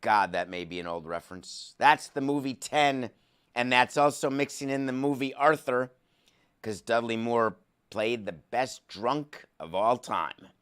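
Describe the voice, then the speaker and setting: A man's voice: mid-range voice, measured pace, fairly bright tone, clear, resonant tone. Sarcastic sports podcast host, a man. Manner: sarcastic, comic asides. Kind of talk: monologue.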